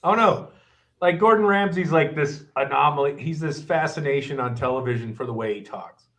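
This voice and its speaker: A man's voice: a little high, moderate pace. A middle-aged man, a guest chef, telling kitchen stories in casual chat, swearing freely and acting out the chefs he quotes. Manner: profane, animated, acts out quoted chefs.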